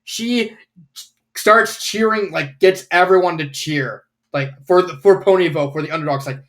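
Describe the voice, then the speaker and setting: A man's voice: high-pitched, moderate pace, a bit bright. A man casually reviewing fanfiction, rambling with lots of fillers and the odd swear word.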